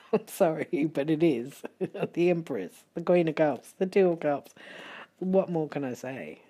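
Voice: medium pitch, mellow, husky. A middle-aged tarot reader with an Australian accent, chatting casually and rambling with muttered asides, sleepy late at night.

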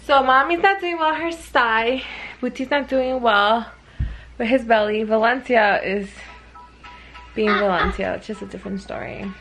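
Young mom chatting to camera, kinda high voice, says like a lot, music playing under it. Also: female voice, measured pace, fairly bright tone, low-quality recording. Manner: chatty, leans heavily on "like". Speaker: vlogger and mother. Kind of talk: casual vlog chat. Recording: background music over voice.

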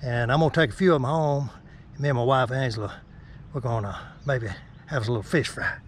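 A folksy man hosts an outdoor fishing vlog from a lakeside bank, keeping his voice deliberately soft. He has a mid-pitched voice and talks to viewers as friends, with faint open-air ambience behind him. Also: a little hiss or hum. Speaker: fishing channel host. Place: outdoors on the bank of a small neighborhood lake.

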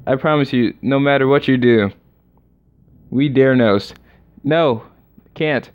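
A young man casually commenting on a game during a livestream, excitable and rambling as he reacts aloud. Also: medium pitch, slow. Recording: slightly dull lo-fi recording.

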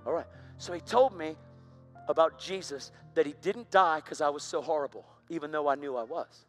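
High-voiced man preaching an intense testimony. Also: moderate pace, faint music behind. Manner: intense, dramatic storytelling. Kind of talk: sermon testimony.

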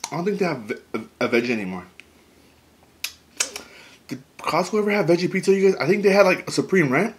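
A man hosting a mukbang, chatting excitedly to viewers while eating. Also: sits high, quick pace, pauses often. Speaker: mukbang host. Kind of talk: casual eating vlog.

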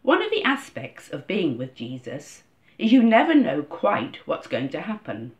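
Brief: woman, low and animated voice, measured storyteller reading a church reflection on a muffled recording. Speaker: church reader. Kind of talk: scripted first-person reflection reading. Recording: dull lo-fi recording.

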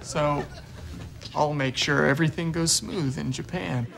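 An actor playing a young, goofy, careless big brother with a loud, excitable way of talking. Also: male voice, a little high, measured pace, vocal fry, crowd noise. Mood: cheerful. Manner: loud, excitable, often shouting. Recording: noisy sitcom audio with studio audience laughter.

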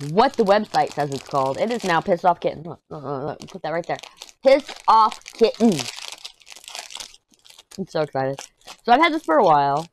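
A woman's voice: lowish voice, a little hiss or hum. Chatty woman unboxing a craft kit. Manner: chatty, excited, hums while working. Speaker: diamond painting vlogger. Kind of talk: casual unboxing chat. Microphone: desk mic.

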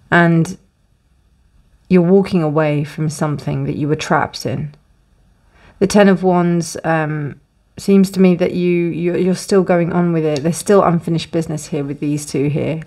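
A woman's voice: low-pitched, darkish tone. A woman giving a casual tarot reading, rambling with many restarts and fillers. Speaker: tarot reader. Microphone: close, dry room with windows closed.

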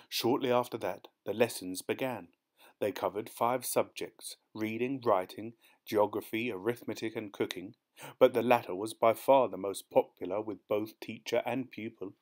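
Measured man reading a story. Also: lowish voice, darkish tone. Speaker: audiobook narrator. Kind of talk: scripted audiobook narration.

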